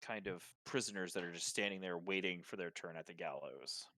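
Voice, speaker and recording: A man's voice: deep voice, brisk, pushed and bright, no echo. A man narrating as game master of a tabletop game, describing scenes with fillers and restarts.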